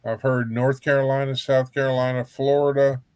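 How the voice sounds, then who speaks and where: A man's voice: medium pitch, flat delivery, moderate pace, a little mellow, clear, resonant tone, no room sound. A man from Texas hosting a livestream in casual chat, rambling and joking with frequent laughs. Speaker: livestream host.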